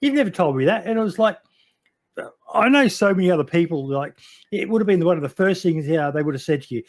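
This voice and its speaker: A man's voice: a little high, animated, fairly quick. A middle-aged man in casual podcast chat, rambling and swearing freely as he tells fond stories about a friend.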